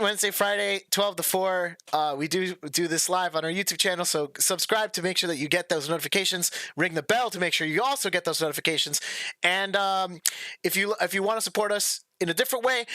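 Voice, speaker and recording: A young man with a high, bright voice chats casually into a close mic on his live stream. He is relaxed and rambling, with easy laughs, and his recording is dry with almost no room sound. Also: dry recording. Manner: relaxed and chatty, laughs easily; rambling, with many restarts. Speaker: music arranger hosting a live stream.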